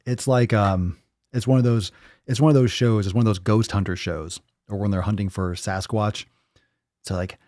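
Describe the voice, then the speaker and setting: A man's voice: fairly low pitch, fairly even intonation, normal speed, darkish tone, no room sound, studio quality. Joking, rambling man hosting a stream. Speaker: host. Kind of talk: casual livestream chat.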